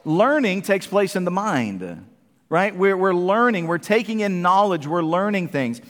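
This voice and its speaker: High-voiced preacher in a reverberant church. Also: male voice, very animated, a little slow, fairly bright tone. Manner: emphatic preaching, asks the congregation questions. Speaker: pastor. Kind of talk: sermon. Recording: long hall reverb.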